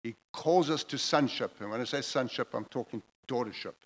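A man's voice: mid-range voice, brisk, low-quality recording. A man preaching a sermon, emphatic and repetitive, building his phrases in intensity as he goes.

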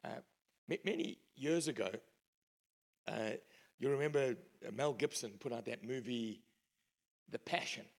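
A man preaching a sermon, emphatic storytelling that swings between loud and hushed. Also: mid-range voice, measured pace, gravelly, pauses often.

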